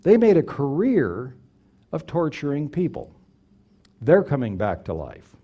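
A man's voice: fairly high pitch, wildly swooping pitch, measured pace, breathy edge, lo-fi sound. A middle-aged man preaching a sermon, earnest and emphatic, repeating key phrases for weight.

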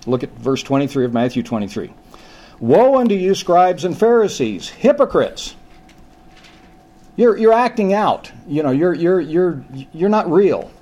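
An older man delivers a homespun sermon from the pulpit, stumbling and restarting mid-phrase before leaning hard on his main points. His voice sits at an ordinary middle pitch for a man. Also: a little mellow. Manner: folksy, halting restarts, slows down to stress points. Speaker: pastor. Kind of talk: conversational sermon.

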